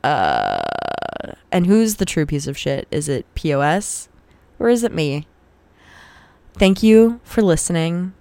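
A woman's voice: low-pitched, huge pitch swings, takes it slowly, creaky, long pauses, dark tone, dry recording. A young woman hosting a podcast, telling a personal story in a frank, profane, casual way and getting heated as she retells arguments. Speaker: podcast host.

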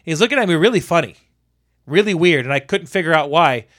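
A man, an electrician, casually telling a work story on a podcast, animated and exasperated, swearing freely. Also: a little high, a little fast.

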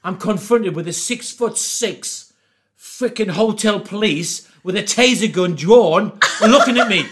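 High gravelly storyteller. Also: male voice, a little slow. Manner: animated, acts out voices, lots of swearing. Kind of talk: comic storytelling.

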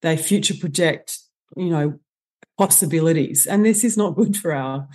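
A woman, a guest expert on stress, explaining with animated enthusiasm in a podcast interview. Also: low-pitched, normal speed. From Australia.

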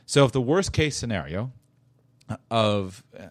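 A man's voice: mid-range voice, lively intonation, a little slow, no room sound. A man hosting his own podcast, talking casually and emphatically, restarting sentences and chuckling as he makes his points. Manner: rambling and emphatic, with frequent restarts and repetition; chuckles while making a point. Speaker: podcast host. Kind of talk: casual solo podcast talk.

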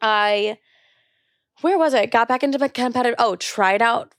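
This young woman hosts a podcast and recounts her own story candidly and chattily, cursing freely and animatedly acting out what others said to her. Her voice leans high, her pace is moderate, and the studio recording is clean with no echo.

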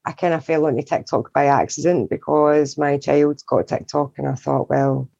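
A woman's voice: low-pitched, fairly even intonation, normal speed, creaky, warm tone, no echo, muffled recording. A woman from Scotland with a Scottish accent, a guest in casual podcast chat who laughs often.

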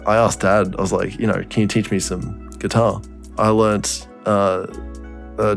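A young man, co-hosting a podcast and telling a family story in casual chat, swearing often and laughing as he talks. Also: fairly low pitch. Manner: swears a lot, laughs through his story. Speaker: podcast co-host.

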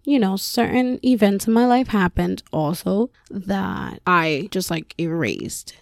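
A woman's voice: medium pitch, lively intonation, slow pace, vocal fry, dry recording, clean studio sound. A middle-aged woman hosting her own podcast, talking candidly and emotionally in a rambling way with lots of fillers. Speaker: podcast host. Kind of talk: personal solo podcast.

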